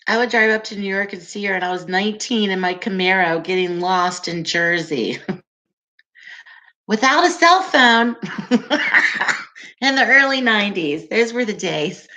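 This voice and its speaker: A woman's voice: medium pitch, normal speed, sharp tone. A woman in her forties hosting a casual livestream, chatting and reading viewer comments aloud with frequent laughter. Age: 40s. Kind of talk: casual live-stream chat.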